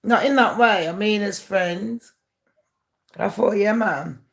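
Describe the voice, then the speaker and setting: A woman's voice: medium pitch, a little slow, gravelly. A woman talking straight to her viewers in a candid, aggrieved monologue. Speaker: YouTuber. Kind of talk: casual monologue to camera.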